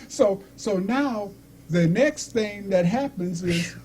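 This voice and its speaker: A middle-aged man casually telling a personal story, animated, acting out the people in it and laughing often. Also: high voice, slow pace, slightly rough.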